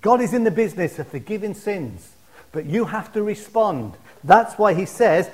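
A man preaching a sermon, swinging between loud declarations and hushed appeals and slowing down to stress key words. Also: high-pitched, lively intonation, breathy edge.

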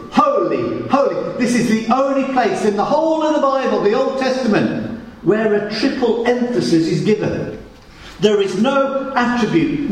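A man with a high-pitched, slightly mellow voice preaches a sermon, emphatically repeating words for weight. He is recorded from a distance in an echoey church hall.

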